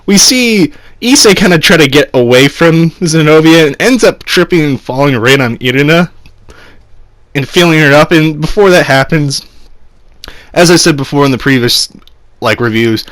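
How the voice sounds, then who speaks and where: A man's voice: fairly high pitch, a bit bright, no echo. Laughing, rambling young man reviewing anime. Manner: rambling, laughs often, many fillers. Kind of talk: casual episode review.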